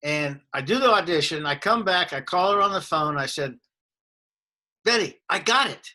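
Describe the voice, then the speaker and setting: Man in his sixties, comedian guest, lively storyteller, bright tense tone, slightly high voice. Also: brisk. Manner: animated anecdotal storyteller. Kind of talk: casual interview storytelling.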